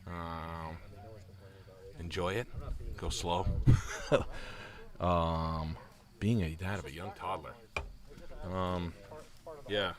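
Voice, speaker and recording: A man's voice: deep voice, little pitch movement, extremely slow, pauses often. Young male host, easygoing chat, laughs a lot and throws in impressions. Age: young adult. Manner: laid-back, laughing, acts out voices in stories. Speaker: stream host. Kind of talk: casual chat.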